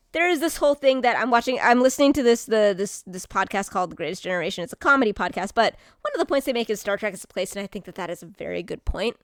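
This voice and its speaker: Woman streamer, rambling and excitable, hiccuping, casual chat; slightly high voice, dry close sound. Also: dry recording.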